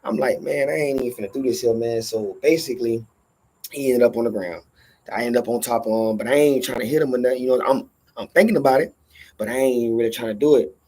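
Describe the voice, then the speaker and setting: A man telling a profane workplace story in casual storytelling style, animated and acting out every line of dialogue. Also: medium pitch, fast.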